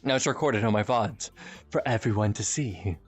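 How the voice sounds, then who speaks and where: An American man telling his stream viewers a casual story, animated and profane, laughing often. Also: lowish voice, normal speed, husky, soft background music. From United States. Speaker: streamer and channel host.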